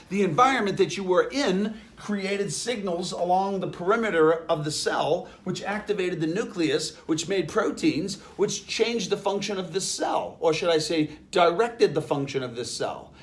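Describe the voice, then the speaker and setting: High-voiced Boston man lecturing. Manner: emphatic, rhetorical questions. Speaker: health lecturer. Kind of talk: lecture to an audience.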